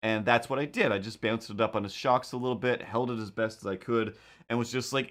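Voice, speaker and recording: A man hosting a casual drawing stream, spinning a long story in an easygoing, conversational way. He slips in quick impressions of the people he quotes. His delivery rambles, full of asides and self-corrections. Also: medium pitch. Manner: animated, acts out quoted voices, rambling asides. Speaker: live-stream host and cartoonist.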